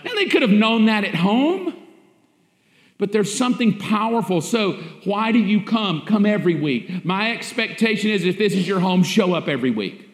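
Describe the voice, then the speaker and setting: High-voiced pastor preaching in an echoey hall. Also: male voice, expressive, normal speed. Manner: emphatic, repetitive preaching with rhetorical questions. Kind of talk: sermon. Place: church sanctuary.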